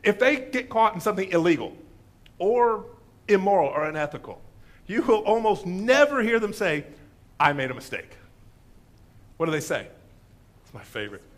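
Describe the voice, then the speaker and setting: A male pastor preaching a sermon, telling the story with animated voices and asking the congregation questions. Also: high voice, normal speed. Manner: animated storytelling, acts out quoted speakers, asks the room questions. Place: church sanctuary.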